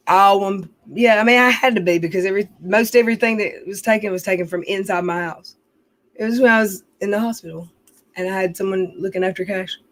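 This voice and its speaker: A middle-aged woman, chatting casually on a livestream, rambling, venting and swearing as she reads her chat. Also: medium pitch.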